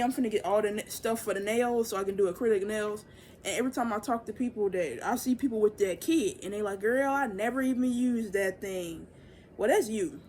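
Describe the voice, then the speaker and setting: A young woman giving a casual, profane oracle reading, loose and chatty, jumping into excited high bursts. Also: a little hiss or hum. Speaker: tarot and oracle reader.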